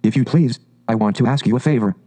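A man voicing a timid, candid male mole from a storybook, speaking politely and gently. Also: medium pitch, fast, natural voice. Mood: gentle.

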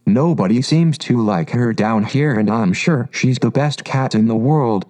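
A man's voice: medium pitch, measured pace, a little mellow, lightly acted. A man reading a storybook aloud and voicing a polite, curious little girl who speaks earnestly and a little plaintively. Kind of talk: audiobook reading.

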